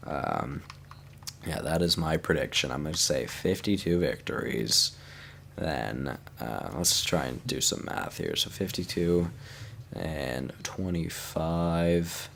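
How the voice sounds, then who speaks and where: A man's voice: a bass voice, slow pace, creaky, a bit bright, slight background noise. A young man casually commenting on his hockey video game franchise, tired and yawning, chatting to his viewers. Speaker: gaming YouTuber.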